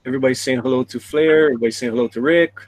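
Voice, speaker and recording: A man's voice: mid-range voice, racing, no echo, poor audio. A man hosting a casual live drawing stream, chatting and reading viewer messages aloud.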